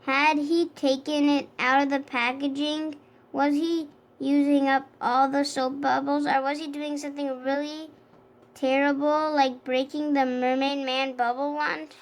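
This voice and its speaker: Woman narrator, high voice, children's read-aloud, steady with small self-corrections. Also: unhurried, a little hiss or hum. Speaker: storybook reader.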